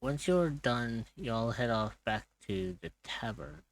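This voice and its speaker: A man's voice: mid-range voice, expressive, a little slow, low-quality recording. A man narrating a tabletop game as its game master, with hesitant fillers.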